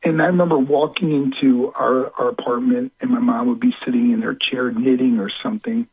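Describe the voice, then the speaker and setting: Guy calling in over a tinny phone line, husky voice, stumbles and repeats himself telling a sad story. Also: mid-range voice, expressive. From United States. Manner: halting, repeats words, breaks into cries and whispers. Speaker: guest, former professional wrestler. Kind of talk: emotional personal storytelling.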